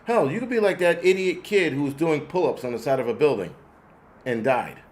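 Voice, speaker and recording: A man's voice: a little high, animated, fairly quick, darkish tone, a little hiss or hum. A man hosting a show, ranting bluntly and sarcastically with plenty of profanity while answering viewer comments. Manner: sarcastic, exasperated. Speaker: host. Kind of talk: ranting commentary reading chat.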